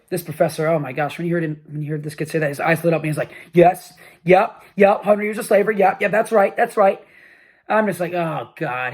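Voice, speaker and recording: A man's voice: fairly high pitch, a little mellow. A young man in a casual opinion monologue, telling a story with lots of restarts and exasperated asides. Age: young adult. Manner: rambling, frequent restarts and repeats. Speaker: vlog host. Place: room with a flag behind him.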